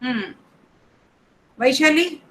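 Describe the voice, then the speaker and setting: High-voiced woman teacher calling roll. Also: animated, bright, forceful tone, poor audio. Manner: reads names one by one in a brisk, matter-of-fact way. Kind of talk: taking roll call in an online class.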